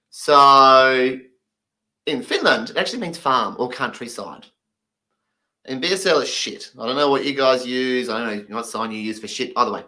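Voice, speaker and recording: A man voicing a deaf comedian's stand-up story, animated and acting out the people he quotes. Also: mid-range voice, low-quality recording.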